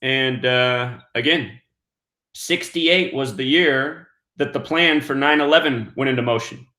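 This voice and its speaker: Speaking unhurriedly in a medium pitch with a sharp tone, a male online show host delivers emphatic monologue commentary. He counts out numbers and throws in rhetorical questions, and the recording carries a roomy echo.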